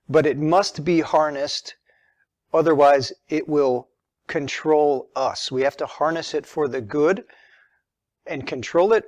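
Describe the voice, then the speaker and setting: A man teaches a religion lesson, moving methodically from point to point and leaning on key words. His voice sits at an ordinary middle pitch. The recording is dry, with no room echo. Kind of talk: explanatory lesson.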